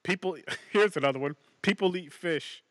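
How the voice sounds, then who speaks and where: A man co-hosting a casual movie podcast, talking excitably with lots of swearing and restarts. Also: high-pitched, normal speed, no echo, clean studio sound. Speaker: podcast co-host.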